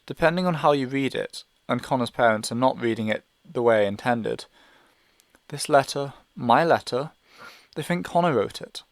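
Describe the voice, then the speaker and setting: Male audiobook reader, mid-pitched, anxious narration, dry booth sound. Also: lively intonation, normal speed, no echo. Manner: anxious, hesitant inner monologue. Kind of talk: first-person novel narration.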